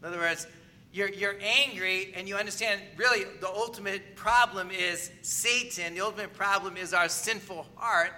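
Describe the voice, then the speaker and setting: Bright, high-pitched male preacher. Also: moderate pace. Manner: conversational, asks the congregation for agreement. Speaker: pastor. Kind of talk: sermon.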